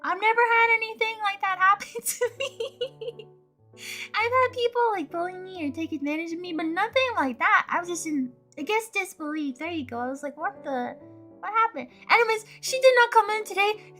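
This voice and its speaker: Young woman, casual chat, animated, laughing often, high voice, bright tone. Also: moderate pace, soft background music. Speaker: streamer.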